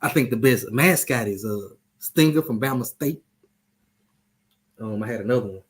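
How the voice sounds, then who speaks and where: A man's voice: medium pitch, moderate pace. Loose trash-talking man. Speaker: show host. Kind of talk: casual sports chat.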